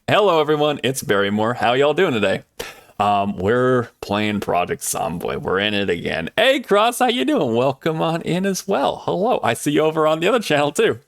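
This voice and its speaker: A man chats with his live-stream viewers in a loose, upbeat way, drifting between thanks, jokes and small asides. His voice sits at an ordinary middle pitch. The sound is close and dry, with no room echo. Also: vocal fry. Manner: chatty, upbeat, lots of fillers and asides.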